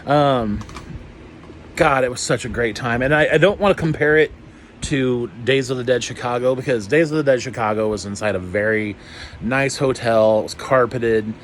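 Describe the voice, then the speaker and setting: A man talking straight to camera in a loose, rambling vlog. His pitch sits in an ordinary middle range, and he gets excitable and swears freely. He uses lots of "um" and "like" as he goes. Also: normal speed, slight background noise. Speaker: YouTuber. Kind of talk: casual vlog chat.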